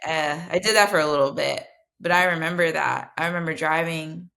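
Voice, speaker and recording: Candid woman with a gravelly edge. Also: sits low, fairly quick, pushed and bright. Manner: earnest, heartfelt, many restarts. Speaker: guest, registered nurse. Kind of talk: candid conversational storytelling.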